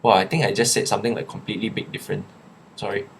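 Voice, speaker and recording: A young Singaporean man in a casual live chat, reading viewers' questions aloud and answering them in a relaxed, chatty way. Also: lowish voice, very fast, gravelly, slight background noise.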